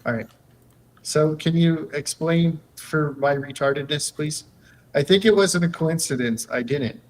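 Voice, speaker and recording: A young man hosts a relaxed live stream, joking around and reading viewer messages aloud as he clicks through menus. His voice sits somewhat high for a man, and he talks at an unhurried pace. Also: poor audio. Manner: loose, joking, reads chat aloud while clicking around. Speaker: streamer and host. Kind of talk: casual live-stream chat.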